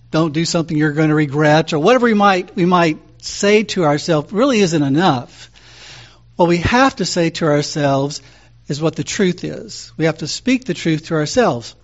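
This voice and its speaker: Man preaching a calm, conversational sermon. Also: on the high side, lo-fi sound. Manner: calm, conversational storytelling with frequent fillers. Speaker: pastor.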